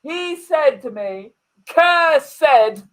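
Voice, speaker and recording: A woman's voice: sits high, lively intonation, drawn-out words, exaggerated voice. An improviser playing a prim woman who stammers indignantly about a rude young man. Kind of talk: improvised comedy scene.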